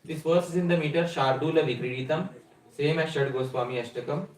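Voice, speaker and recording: A man's voice: a little high, fast. A man giving a scripture lecture, explaining a verse step by step and putting questions to his listeners. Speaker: spiritual teacher. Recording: echoey room, mic at a distance.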